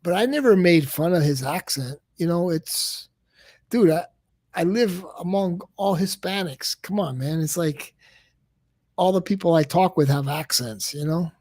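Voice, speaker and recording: Exasperated and rambling, a man keeps saying "come on, man" as he chats casually on a late-night live stream, often stammering and repeating words. His voice is a little high and a little mellow at a measured pace, with clean studio sound and no echo.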